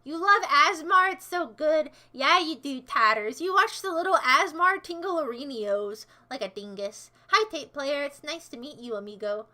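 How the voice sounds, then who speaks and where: High bright-voiced woman streamer goofing around with chat, silly voices and random asides. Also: lively intonation, normal speed, hardly any pauses. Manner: playful, goofy, jumps between silly voices and asides. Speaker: livestreamer reading chat. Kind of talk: casual livestream chat.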